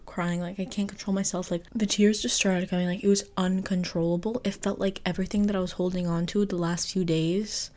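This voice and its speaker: A young woman telling a personal story in a casual, expressive podcast monologue, full of fillers and the odd swear word. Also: lowish voice, a little fast. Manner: chatty, expressive, lots of fillers and mild swearing. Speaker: podcast host.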